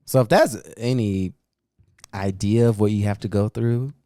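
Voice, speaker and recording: A man's voice: fairly low pitch, a little slow, dark tone, dry recording, clean studio sound. A man co-hosting a couples podcast in casual chat, rambling easily and often apologizing. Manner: easygoing, apologetic, rambling with fillers. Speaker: podcast co-host.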